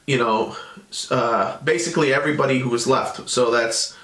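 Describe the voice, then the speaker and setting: A man's voice: mid-range voice, moderate pace, a bit bright, echoey room. A man casually recapping a cartoon episode in a loose, rambling way. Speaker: show reviewer.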